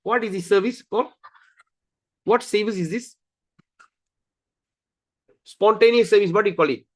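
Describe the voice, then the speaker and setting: A scripture teacher with a fairly high male voice lectures at a normal speed, repeating key words and frequently restarting his sentences as he explains. He is animated and acts out the stories using different voices.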